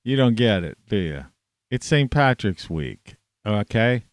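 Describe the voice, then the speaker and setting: A man ranting to camera in a rambling, profane monologue, scornful and swearing constantly, with sudden loud outbursts. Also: lowish voice, big pitch swings, unhurried, dry recording, clean studio sound, soft background music. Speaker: vlogger.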